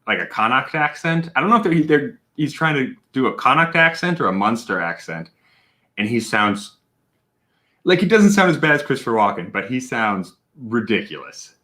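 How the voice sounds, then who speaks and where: A man hosting a casual livestream, chatty and animated, with plenty of fillers and shout-outs to viewers. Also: medium pitch, moderate pace. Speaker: livestream host.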